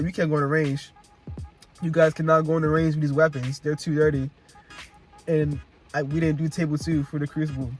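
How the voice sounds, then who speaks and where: A young man talks to his viewers in loose, slangy speech, looping back over his points and laughing now and then. His voice sits a little high for a man. Faint music plays behind him. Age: young adult. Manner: casual slangy storytelling, repeats himself, laughs often. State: emotional, close to tears. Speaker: vlogger recounting Marine boot camp. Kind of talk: casual chat.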